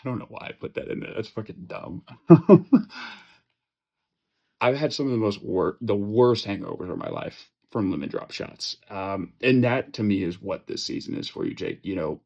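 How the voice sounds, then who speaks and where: A man's voice: lowish voice, creaky, a little mellow. Profane rambling young man, lo-fi sound. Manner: profane, joking, rambling with many fillers and restarts. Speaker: fantasy football podcast host. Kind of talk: casual ranting chat.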